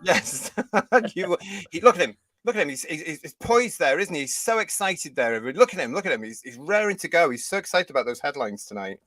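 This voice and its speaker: A man's voice: on the high side, very animated, quick pace, few pauses, fairly bright tone, dry recording. A British man hosting a live fan show, talking in a teasing, sarcastic way and laughing often. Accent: British English. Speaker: host. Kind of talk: livestream panel chat.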